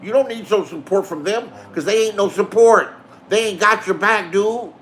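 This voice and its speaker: A man's voice: sits high, moderate pace, fairly bright tone, slight background noise. A man delivering a profane, confrontational monologue, talking straight at absent rivals and trading in online drama. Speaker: YouTube drama streamer. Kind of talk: heated ranting monologue.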